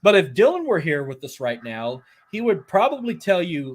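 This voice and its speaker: A man with a slightly higher voice hosts a loose wrestling podcast. He jokes, swears freely and wanders between thoughts. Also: sing-song, normal speed, hardly any pauses. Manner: joking, profane, rambling. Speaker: podcast host. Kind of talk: casual podcast chat.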